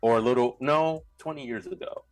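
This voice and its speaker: A man's voice: mid-range voice, fairly quick. A man co-hosting a podcast, chatting casually and often restarting his sentences. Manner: stammering restarts, animated. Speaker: podcast co-host. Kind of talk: casual chat.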